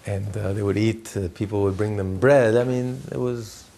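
A man teaching a religious class in a lively, conversational way. He swings between loud and soft, chuckles often and repeats words as he explains. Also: fairly low pitch, normal speed, gravelly.

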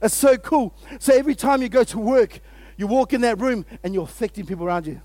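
A man with a strikingly high voice delivers a sermon as pastor. He is energetic and exclamatory, calling out to his listeners and breaking into laughter. The sound is dry with no room echo. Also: fast. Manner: energetic and exclamatory, often laughing, calls out to the audience.

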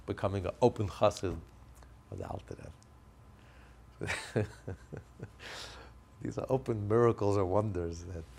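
A man's voice: on the low side, slow pace, vocal fry, long pauses, a little hiss or hum. A man teaching a religious lesson through a story, narrating with energy and acting out what the characters say. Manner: animated, acts out the characters' lines.

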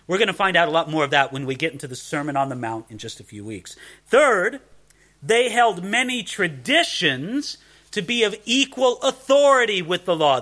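A man preaching a sermon, animated and conversational, often asking rhetorical questions. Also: sits high. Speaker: pastor.

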